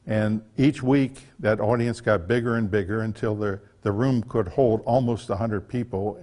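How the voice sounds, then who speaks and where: A man's voice: lowish voice, darkish tone. An older man telling a folksy, chatty story about his life as an author, with small restarts along the way. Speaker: author giving a talk. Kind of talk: casual storytelling talk.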